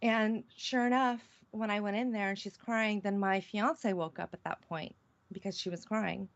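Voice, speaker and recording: A woman's voice: medium pitch, steady tone, normal speed. A middle-aged woman, a radio show guest, earnestly recounting a personal experience with many restarts. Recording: dull, lo-fi call-in audio.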